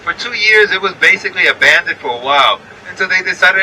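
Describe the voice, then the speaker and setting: Bright-voiced New York tour guide. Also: male voice, on the high side, lively intonation, fast talker, hardly any pauses, distant mic, a little hiss or hum, low-quality recording. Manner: chatty, checks in with listeners. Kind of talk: guided bus tour narration. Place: inside a moving vehicle.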